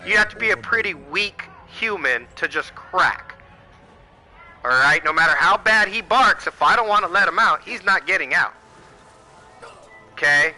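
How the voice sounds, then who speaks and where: A man's voice: sits high, lively intonation, moderate pace, pauses often, sharp tone, low-quality recording. An American man giving a heated, profane political rant to camera, firing off rhetorical questions. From United States. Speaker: channel host.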